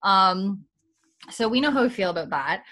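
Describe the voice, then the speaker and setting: A woman's voice: medium pitch, big pitch swings, fast talker, breathy edge. Chatty woman recapping a show. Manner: retells scenes with quoted lines, chatty and giggly. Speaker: podcast co-host. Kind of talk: casual recap chat.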